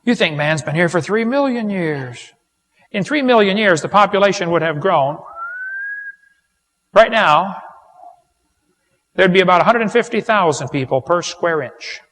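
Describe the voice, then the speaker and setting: A man's voice: high voice, lively intonation, a little slow, long pauses, fairly bright tone. A man giving a folksy, joking lecture to a live audience, full of rhetorical questions. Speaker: creationist seminar speaker. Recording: long hall reverb.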